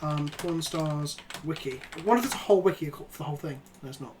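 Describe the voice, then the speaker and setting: A man's voice: fairly high pitch, fast, noisy background. A young man streaming a card game, chatting casually and swearing a lot. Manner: sweary, excitable, breaks into shouting and laughter.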